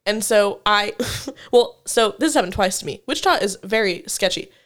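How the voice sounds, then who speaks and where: Animated young woman telling a story. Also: mid-range voice, normal speed. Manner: animated storyteller, laughs often. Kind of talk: casual chat.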